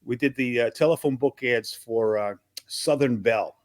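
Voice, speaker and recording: A man's voice: medium pitch, normal speed, no room sound. An older man, a comedian from Long Island, telling stories from his early days in a casual interview and acting out the voices of the people in them. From Long Island, New York.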